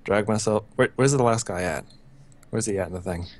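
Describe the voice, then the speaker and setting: A man's voice: lowish voice, fairly quick, darkish tone, slight background noise. A man playing a tabletop game, asking lots of questions about how to take his turn. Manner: unsure, asks a lot of questions about the game. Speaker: player. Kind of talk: casual tabletop game chat.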